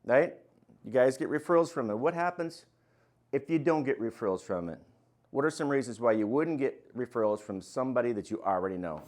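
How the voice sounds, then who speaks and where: An older man teaching a real estate class, energetic and quizzing his students with questions. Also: mid-range voice, brisk. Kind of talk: interactive classroom lecture.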